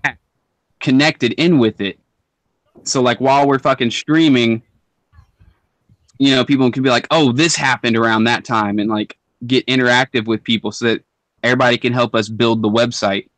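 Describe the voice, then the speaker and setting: A man's voice: mid-range voice, steady tone, normal speed, fairly bright tone, no echo. A young man co-hosting a podcast in casual chat, laid-back and full of slang and swearing. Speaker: podcast co-host.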